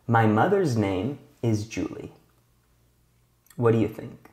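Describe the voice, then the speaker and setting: A man teaching English possessives in a video lesson, speaking slowly and clearly and often checking in with the viewer. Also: medium pitch, sing-song, a little mellow, reverberant. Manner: slow, clear teacher talk with frequent check-in questions.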